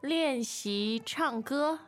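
Brief: patient woman teacher, slightly high voice, very slow careful speech, faint music. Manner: patient, careful pronunciation models. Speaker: podcast co-host, teacher. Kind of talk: language lesson podcast.

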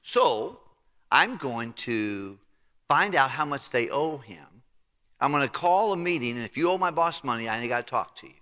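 A man's voice: mid-range voice, lively intonation, moderate pace, bright, forceful tone, big-room sound. A man voicing a lazy male steward who fears being fired, muttering in fretful, casual slang. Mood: scheming. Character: lazy, panicking male steward facing firing.

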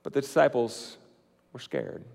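A man preaching a sermon in a conversational way, swinging between emphatic lines and quiet, slow, hushed ones. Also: mid-range voice, very animated, gravelly, big-room sound. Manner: conversational, with fillers and restarts.

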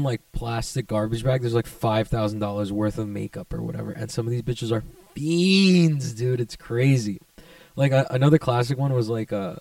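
A young man rambling in a casual, profane vlog monologue, laid-back but jumping to excited bursts. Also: medium pitch, no room sound, distant mic. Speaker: vlogger.

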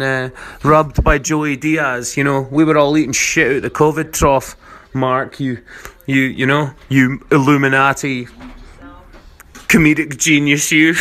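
Caller, man, fake drunk Scottish accent, rambling backhanded praise, bright tone. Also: medium pitch. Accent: put-on drunk Scottish. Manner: rambling mock-insulting praise. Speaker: caller leaving a voice message. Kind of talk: recorded voice message.

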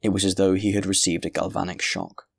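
A man narrating a classic novel in a measured, grave reading voice. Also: sits low, level tone, gravelly, no room sound, clean studio sound. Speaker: audiobook narrator. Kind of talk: scripted narration.

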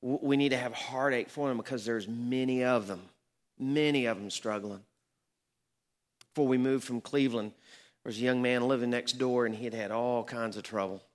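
A man's voice: mid-range voice, steady tone, moderate pace. A middle-aged man, a pastor, telling a story in a sermon, earnest and building to emphatic peaks.

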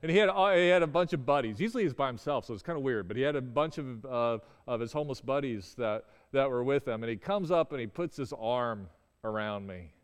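A man's voice: medium pitch, lively intonation, clean tone. Resonant man telling a story. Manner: halting, with stammered restarts. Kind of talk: personal storytelling. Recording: long reverberant hall.

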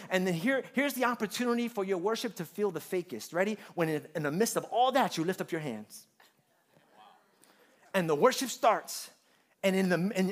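A man preaching a sermon, moving from quiet, humorous storytelling to loud, rising preaching. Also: high-pitched. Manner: humorous, conversational asides. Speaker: pastor.

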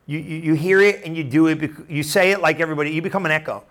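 A male preacher delivering a sermon with a fairly high voice. He talks loosely and conversationally, circling back on phrases and checking in with the room. His tone stays animated and direct. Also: very fast. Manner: conversational, animated, repeats and restarts phrases, asks the room questions.

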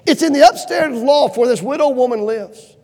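A man preaching a sermon with fervent delivery, swinging from loud urgent pleading to low hushed lines. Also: normal speed. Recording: long hall reverb.

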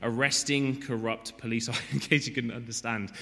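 Male preacher, bright and forceful tone, relaxed joking asides. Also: medium pitch, moderate pace, in a large hall. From Wales. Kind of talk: sermon.

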